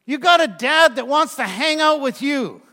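Older man preaching, high voice, bright and forceful, folksy storytelling, long hall reverb. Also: expressive, moderate pace. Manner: folksy storytelling with asides to the congregation. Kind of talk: conversational sermon.

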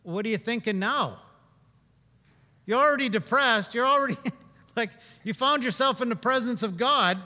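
A man preaching a sermon in a conversational, humorous way, swinging between loud and hushed. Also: very high-pitched, expressive, normal speed, in a large hall.

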